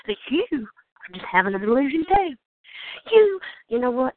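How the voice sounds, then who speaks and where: Southern woman ranting mad on a tinny phone line, pitch jumps all over. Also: sing-song, moderate pace, no echo. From Georgia, United States. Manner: indignant, ranting, sarcastic, swears. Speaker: host of a call-in show. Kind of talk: angry monologue.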